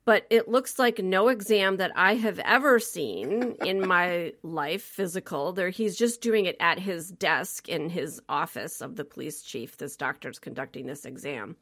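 A woman co-hosting a film podcast in casual chat, animated and laughing, with many fillers. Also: lowish voice, a little slow, hardly any pauses. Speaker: podcast co-host reviewing a film.

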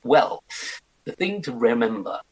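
A man in his forties, an actor chatting as an interview guest in an animated way. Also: mid-range voice, a little slow, slightly rough, poor audio. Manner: chatty, animated, slips into mock accents. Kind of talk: casual interview chat.

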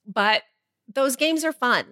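A woman's voice: sits high, lively intonation, takes it slowly, pushed and bright. A woman co-hosting a casual podcast chat, blunt and swearing freely, also reading listener letters aloud. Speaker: podcast co-host.

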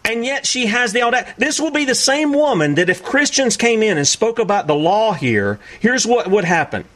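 Sex: man. Style: animated, high-voiced preaching commentary. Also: brisk. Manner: incredulous and animated, acts out other voices. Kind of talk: preaching commentary on played clips.

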